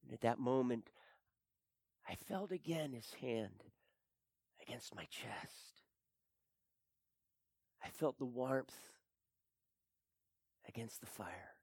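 A man performing a dramatic first-person monologue, swinging between hushed whispers and anguished cries. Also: mid-range voice, takes it slowly, vocal fry, pauses often, breathy edge, no echo, studio quality. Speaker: storyteller.

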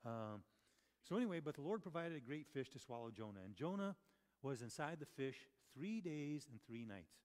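A man's voice: mid-range voice, very animated, normal speed, a little mellow. A man preaching a conversational sermon, chatty and full of rhetorical questions and self-corrections. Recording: long reverb of a large hall.

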